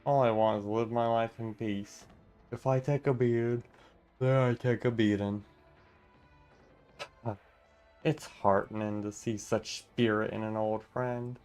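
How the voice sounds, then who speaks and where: Guy reading a game story out loud, slow and smooth, kinda low, faint music in the back. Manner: reads all parts in a steady, mostly plain voice with asides. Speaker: channel host reading a game story aloud.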